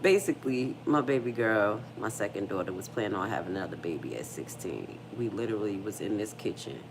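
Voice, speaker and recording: A middle-aged woman hosts a casual livestream and talks bluntly, with plenty of profanity. Her voice sits low, and she tells stories in an animated way. Faint noise hums underneath. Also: fairly quick. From United States. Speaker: livestream host.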